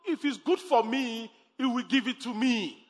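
A pastor preaching a sermon, emphatic, repeating phrases and breaking into laughs. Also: male voice, extremely high pitch, moderate pace. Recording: long hall reverb.

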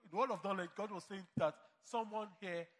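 In a big-sounding room, a high-voiced pastor delivers a brisk sermon. He preaches emphatically to the congregation and stages mock dialogue with imagined replies.

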